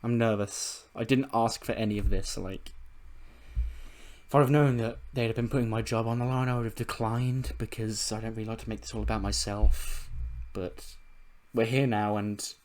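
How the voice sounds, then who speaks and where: A man and gaming channel host, casually narrating a game recap with animated storytelling and frequent laughter. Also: fairly low pitch, normal speed. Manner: animated storytelling, acting out characters, laughing often.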